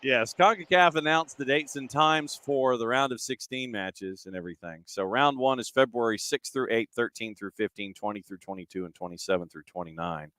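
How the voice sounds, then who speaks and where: A man's voice: mid-range voice, fairly bright tone, dry recording. Man hosting a sports talk show. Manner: brisk, rattles off dates and lists, reads listener comments. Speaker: podcast host. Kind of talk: casual chat and news rundown.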